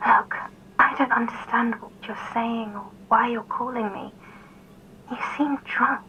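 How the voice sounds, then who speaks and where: A woman's voice: fairly high pitch, steady tone, a little slow, slight background noise, close to an everyday voice. An actress voicing a sleepy, confused woman woken by a late phone call, plaintive and half-whispering. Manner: plaintive, drowsy, often whispered. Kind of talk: game voice acting.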